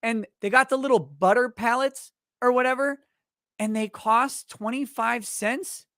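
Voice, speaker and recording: A man hosting a casual livestream, reading viewer chat messages aloud and joking, often restarting his sentences and growing animated in his stories. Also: extremely high pitch, no room sound, studio quality. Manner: rambling and joking, with halting restarts; animated when telling stories. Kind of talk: casual live-stream chat.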